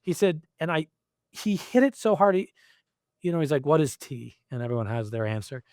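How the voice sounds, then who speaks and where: A middle-aged man talking as a guest in a casual interview, animated and quick to laugh, acting out his own quoted lines. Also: on the high side, smooth, dry recording, clean studio sound. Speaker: podcast guest, executive coach.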